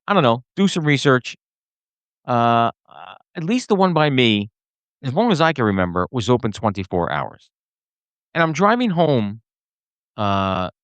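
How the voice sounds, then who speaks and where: Smooth and medium-pitched, a male podcast host rambles through a casual rant to camera, animated and constantly restarting amid many fillers. There's no echo.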